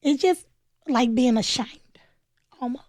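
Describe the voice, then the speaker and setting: A woman's voice: high-pitched, takes it slowly, no echo, clean studio sound. A woman, telling her own story as a guest in a radio interview and acting out the voices she quotes. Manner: animated, acts out quoted voices, plainspoken. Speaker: nonprofit founder, interview guest.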